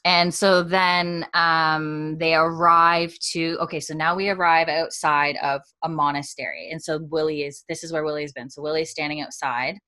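A woman co-hosting a podcast, recapping a TV episode in a loose, chatty way full of "like" and fillers, talking from a warm room indoors. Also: sits low, fairly even intonation, moderate pace, hardly any pauses. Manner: chatty, filler-heavy with frequent "like". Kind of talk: casual chat recapping a TV episode.

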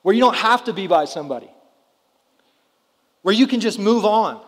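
Speaking at a moderate pace in a high, animated voice, this thirties-aged pastor preaches to his congregation and keeps asking the room questions. It's a relaxed, conversational sermon recorded in a spacious church hall with long reverb.

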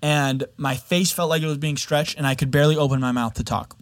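A man's voice: fairly high pitch, fairly even intonation, a little fast, no echo, studio quality. Candid young man giving a testimony. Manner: open, candid and earnest. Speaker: video editor sharing a faith testimony. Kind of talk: personal testimony to camera.

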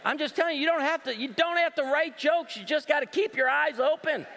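A man in his forties performs stand-up on stage, his voice high and bright. He tells stories with animated delivery and slips into other voices for quotes. The sound carries a long hall reverb. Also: brisk. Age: 40s. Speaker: stand-up comedian. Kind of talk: live stand-up comedy.

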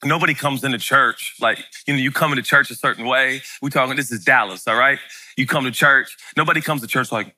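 A man in his forties preaching a sermon to a church congregation, animated and joking as he tells stories. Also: mid-range voice, brisk. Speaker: pastor. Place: church sanctuary with live congregation.

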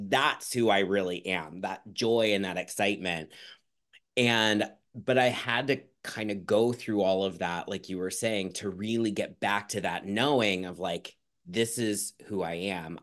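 A man hosting a podcast, chatting openly and animatedly, often laughing and acting out his own past words. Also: on the low side. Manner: animated, laughs often, quotes himself in lively voices. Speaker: podcast host. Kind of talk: casual heartfelt chat.

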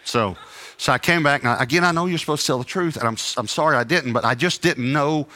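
A man's voice: mid-range voice, quick pace. A middle-aged male preacher telling a sermon story, acting out each side of a conversation with self-deprecating humor. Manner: animated anecdotes with acted-out dialogue and self-deprecating humor. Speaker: traveling preacher.

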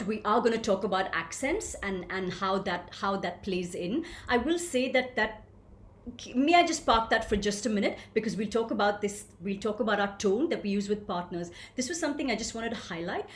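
A woman leading a voice workshop for coaches, lively and questioning, answering participants by name. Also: mid-range voice, roomy sound. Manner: animated, asks the group questions and answers them. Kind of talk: live online workshop teaching.

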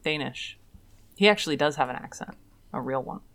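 A woman's voice: low-pitched, expressive, brisk, a bit bright. A woman co-hosting a podcast in casual chat, wry and talkative. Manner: chatty, wry, many "like" fillers. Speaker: podcast co-host.

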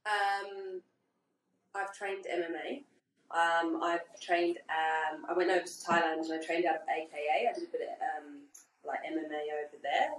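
A woman, a boxer guest in a relaxed chat, swearing and hesitating with ums. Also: lowish voice, normal speed, recorded from a distance, slight background noise. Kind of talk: casual chat. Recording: echoey room, off-mic.

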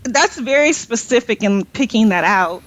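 A woman's voice: a little high, lively intonation, moderate pace. A woman speaking as a guest in a casual conversation, explaining her view earnestly and laughing easily.

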